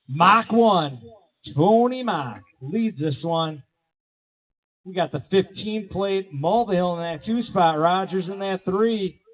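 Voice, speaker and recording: A man announcing races live at an outdoor BMX track, with energetic play-by-play full of rider nicknames. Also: sits high. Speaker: race announcer. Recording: tinny, phone-like sound.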